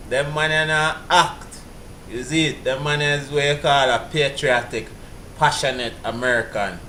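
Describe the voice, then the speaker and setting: A man's voice: medium pitch, steady tone, a little slow, pushed and bright, a little hiss or hum, poor audio. A man, chatting casually as a vlog host reacting to a clip, laid-back and amused.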